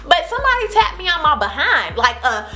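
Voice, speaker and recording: A woman in her twenties, a vlogger telling a casual storytime, animated and acting out what people said. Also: high-pitched, fairly quick, faint music behind. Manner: animated, acts out quotes with laughs.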